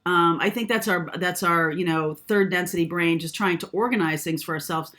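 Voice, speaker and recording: Bright-voiced woman giving a tarot reading. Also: lowish voice, moderate pace, hardly any pauses. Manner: meandering, frequent "um" and tag "okay?". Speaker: tarot reader. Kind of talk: casual spiritual reading monologue.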